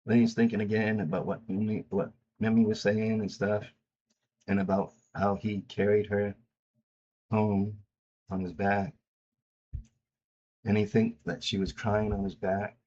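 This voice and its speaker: A man's voice: lowish voice, level tone, moderate pace, long pauses, darkish tone, breathy edge, highs cut off. A man casually retelling comic chapters in a loose, rambling way, stringing events together. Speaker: comic recap host.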